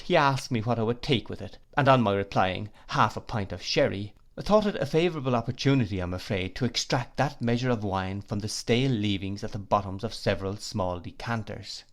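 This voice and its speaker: Man reading a classic novel aloud. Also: fairly low pitch. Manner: measured, literary first-person reading. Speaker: audiobook narrator. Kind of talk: scripted narration of a classic novel.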